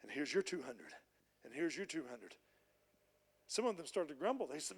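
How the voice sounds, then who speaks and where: A man's voice: a little high, big pitch swings, moderate pace, vocal fry, slightly rough, in a large hall. A man preaching a sermon as a pastor, retelling a parable in plain, conversational storytelling. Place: church.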